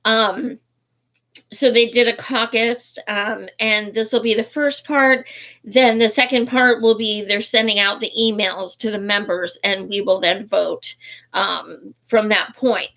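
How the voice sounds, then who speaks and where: Animated activist woman, slow and swearing. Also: medium pitch. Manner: animated, swearing, many fillers and restarts. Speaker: political activist. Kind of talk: casual vlog talk. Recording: dull lo-fi recording.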